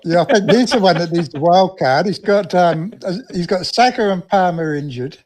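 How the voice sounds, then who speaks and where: A middle-aged man co-hosting a podcast stream, speaking in a calm, reassuring way with plenty of ums. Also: high voice, moderate pace. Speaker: podcast co-host. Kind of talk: casual chat on a live stream.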